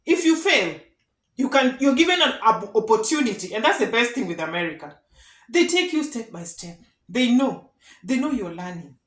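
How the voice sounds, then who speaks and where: A woman's voice: a little high, sing-song, normal speed, fairly bright tone. A woman giving earnest, repetitive advice straight to her viewers in a casual vlog. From Kenya. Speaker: vlogger giving advice to immigrants. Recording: echoey room.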